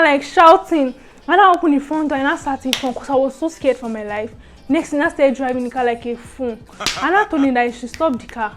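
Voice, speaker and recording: A young woman, telling a storytime vlog in an animated way that swings between loud and hushed. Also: sits high. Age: young adult. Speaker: vlogger.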